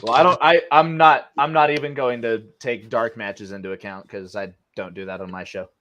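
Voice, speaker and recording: A man's voice: mid-range voice, steady tone, normal speed, fairly bright tone. A young man hosting a casual online show, thinking aloud through a guessing game and swearing freely. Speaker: host playing a wrestling guessing game. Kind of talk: casual chat.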